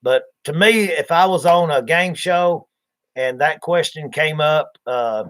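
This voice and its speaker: A man's voice: on the high side, a little slow, a bit bright. A man, hosting a livestream and telling rambling, folksy stories, acting out the voices. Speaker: livestream host. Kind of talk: casual storytelling chat.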